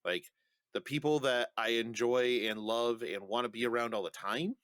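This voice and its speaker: A man's voice: medium pitch, steady tone, normal speed, fairly bright tone, dry recording, clean studio sound. Blunt, joking male podcast co-host. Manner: joking, blunt, swears freely. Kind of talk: casual chat.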